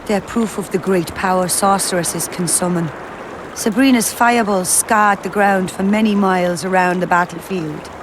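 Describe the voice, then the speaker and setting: Woman voicing a calm camp healer. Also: mid-range voice, normal speed, noisy background, close to an everyday voice. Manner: calm and informative. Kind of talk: video game voice acting.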